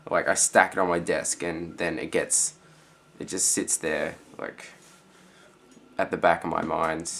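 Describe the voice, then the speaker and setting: A teenage boy with an Australian accent, rambling casually in a vlog reply with lots of fillers and quiet trailing-off phrases. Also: sits low, gravelly, slight background noise. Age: teens. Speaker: student vlogger.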